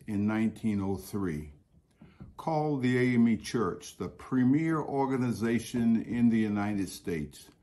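Slow, emphatic man with lively pitch. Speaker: speaker promoting the university. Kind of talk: formal spoken address.

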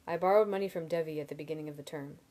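A woman's voice: low voice, racing, mellow, close to an everyday voice. A woman voicing a young man, the hero of a story, earnest and a little defensive as she reads it aloud. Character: hot-headed young man, story's first-person hero.

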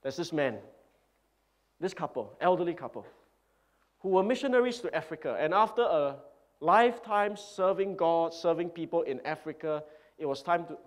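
Pastor delivering a sermon: an emphatic, earnest man with a slightly high voice and repetitive cadence.

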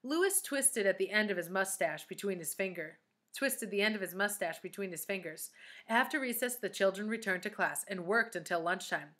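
Bright-voiced woman reading a storybook aloud. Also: mid-range voice, normal speed. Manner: expressive, talks directly to young listeners. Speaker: storybook reader. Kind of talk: reading a children's chapter book aloud.

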